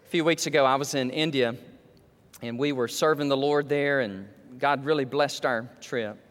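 A man preaching a sermon, telling stories that climb to excited, emphatic peaks. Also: mid-range voice, moderate pace, long reverb tail.

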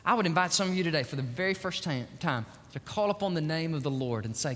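A male pastor delivers a sermon in a high, bright voice. His pitch swings widely as he builds toward near-shouts. The sound carries the long reverb of a large church hall. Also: fast talker, hardly any pauses. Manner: animated preaching, rising to near-shouts.

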